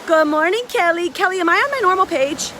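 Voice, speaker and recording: A woman hosting a casual motivational live stream outdoors on a beach, filmed on a phone, chatty and excitable, a little out of breath. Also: very high voice, a little fast. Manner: chatty, excitable, greets viewers by name. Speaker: live video host. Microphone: phone held by a friend. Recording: faint surf noise outdoors.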